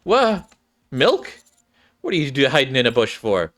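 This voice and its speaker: A man's voice: medium pitch, quick pace, a bit bright, close to an everyday voice. A man voicing a timid, tearful young female android fighter who stammers and pities herself. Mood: startled. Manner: stammering, self-pitying.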